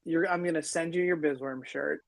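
A man's voice: fairly high pitch, steady tone, normal speed, vocal fry, no echo. Teasing man host, dry close sound. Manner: joking, teasing banter. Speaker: podcast host. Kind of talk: casual interview chat.

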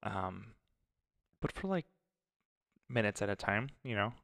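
A man's voice: fairly low pitch, animated, unhurried, creaky, fairly bright tone, no echo. A young man co-hosting a podcast with his wife, easygoing and thinking aloud with fillers. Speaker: podcast co-host. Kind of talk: casual chat. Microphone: close studio mic.

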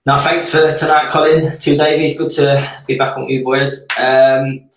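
A man's voice: medium pitch, level tone, normal speed. Scottish man, far from the mic in a roomy space. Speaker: podcast guest. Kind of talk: casual football podcast chat.

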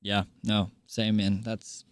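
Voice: sits low, flat delivery, slow, clean tone, dry recording. A laid-back interviewer who jokes and keeps the chat casual. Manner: joking, laid-back, says dude.

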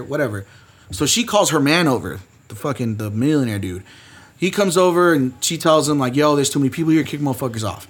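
Husky guy rattling off a wild story on a podcast, swearing a lot, talks quick. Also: fairly high pitch, expressive, a bit bright. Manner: profane, rambling anecdote with quoted voices. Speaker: podcast co-host. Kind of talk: casual storytelling chat.

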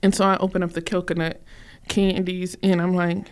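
Chatty woman with a low voice. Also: little pitch movement, normal speed, clean tone. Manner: chatty storyteller, laughs often. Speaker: guest, bakery owner. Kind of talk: casual conversation.

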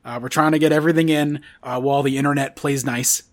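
A man's voice: on the high side, fairly even intonation, fast. A man hosting a podcast in casual chat, rambling and enthusiastic with lots of fillers. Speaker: podcast host.

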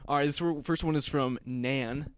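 A young man co-hosting a casual comedy podcast, quick to laugh and agree. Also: medium pitch, no room sound, studio quality. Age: young adult. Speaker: podcast co-host.

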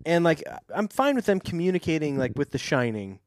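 A man's voice: a little high, big pitch swings, brisk, no echo, clean studio sound. A man co-hosting a comedic read-along podcast, reading a book aloud and breaking off for playful, sarcastic asides.

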